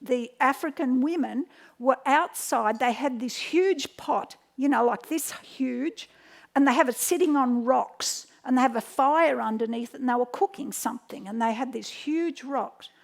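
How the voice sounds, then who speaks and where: A woman's voice: high-pitched, a little slow, creaky. A middle-aged woman, teaching home remedies through chatty anecdotes with many restarts. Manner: storytelling, animated quotes, frequent restarts. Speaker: health educator.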